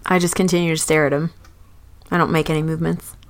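A woman's voice: sits low, level tone, quick pace. A woman playing in a tabletop game, briefly and dryly describing what her character does. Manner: brief, dry statements of her character's actions. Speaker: player.

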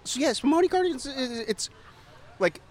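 A male co-host with a very high-pitched, animated voice talks at normal speed while eating pizza on a casual food podcast. He's hesitant and thoughtful, filling his explanations with ums and restarts.

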